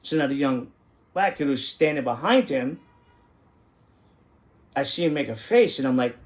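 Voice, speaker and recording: A man's voice: medium pitch, moderate pace. Brash New man. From New York. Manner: brash, profane, animated street talk. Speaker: host. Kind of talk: casual storytelling monologue.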